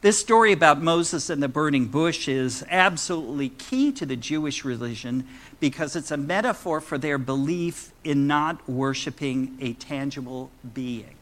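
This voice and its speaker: Bright-voiced male minister giving a playful sermon. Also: fairly high pitch, lively intonation, normal speed. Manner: conversational and playful, jokes with the congregation.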